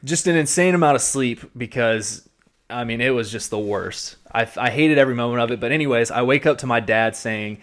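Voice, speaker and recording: This podcast co-host, medium in pitch, talks a little fast as he spins a casual, animated tale, swearing and reenacting what he said back then.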